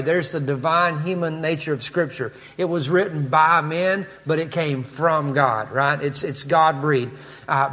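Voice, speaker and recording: Kentucky man, pastor, chatty sermon with asides, higher voice. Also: fairly bright tone, long reverb tail. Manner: conversational, with asides and frequent "uh". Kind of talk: expository sermon.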